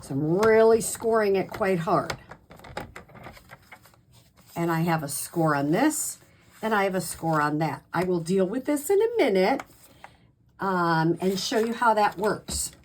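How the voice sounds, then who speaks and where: A woman's voice: medium pitch, very animated, a little slow, pauses often, slight background noise. A woman giving a casual craft tutorial as a demonstrator, chatty, with frequent ums and self-corrections.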